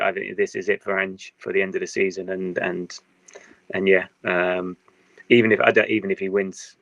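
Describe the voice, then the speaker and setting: A man talking football in casual podcast chat, animated and sarcastic, often breaking into laughter. His voice is dry and close, with a dull, lo-fi sound. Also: fairly low pitch, vocal fry, dry recording.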